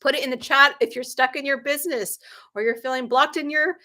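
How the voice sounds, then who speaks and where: Female live-stream coach, middle-aged; high bright voice; chatty, sarcastic storyteller who acts out quotes. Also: brisk. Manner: animated storyteller, acts out quoted dialogue with big pitch jumps; frequent ums and laughs, candid and sarcastic. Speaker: business coach hosting a livestream. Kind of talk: live-stream talk with anecdotes.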